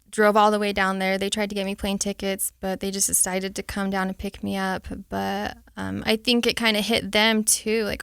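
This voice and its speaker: A woman in her late twenties speaks frankly as a podcast guest, reflecting openly on her past. Her voice is smooth and clean. The sound is dry and close, with no room behind it. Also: medium pitch, a bit bright, no echo. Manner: frank, reflective, reenacts her own thoughts. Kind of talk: candid personal storytelling.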